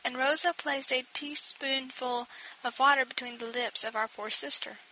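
A woman reading a story aloud with a gentle, expressive delivery. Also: sits high, normal speed, slight background noise, rough recording. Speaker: audiobook narrator. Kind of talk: scripted narration.

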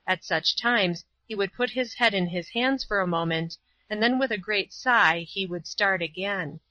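A woman narrating a story in a measured, even storytelling voice. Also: mid-range voice, no room sound. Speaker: audiobook narrator. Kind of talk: scripted narration. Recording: dull lo-fi recording.

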